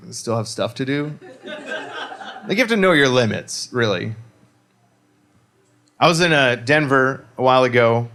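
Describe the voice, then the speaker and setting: A man's voice: medium pitch, fairly bright tone. Self-deprecating stand-up man, rambling punchlines. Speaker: stand-up comedian. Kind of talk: stand-up set. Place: comedy club stage.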